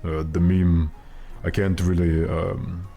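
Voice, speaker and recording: A young man with a naturally very deep voice, chatting casually on a game stream, rambling and joking with lots of fillers. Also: level tone, slow pace, vocal fry, dark tone, soft background music.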